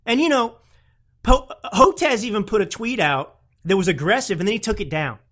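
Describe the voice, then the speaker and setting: Animated, combative male podcast host. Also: high voice, normal speed. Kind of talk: opinionated political commentary.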